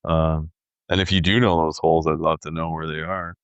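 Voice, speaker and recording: Guy telling a hunting-trip story on a podcast, super low gravelly voice, dry dull mic. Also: brisk, no echo. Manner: animated storyteller, says "dude" and "like", acts out quoted voices. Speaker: podcast co-host. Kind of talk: casual storytelling chat.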